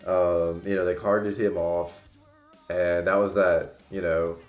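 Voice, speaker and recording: A man's voice: low-pitched, level tone, slow, roomy sound, faint music behind. A man in his twenties telling rambling stories on a casual livestream, full of fillers and restarts. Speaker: streamer.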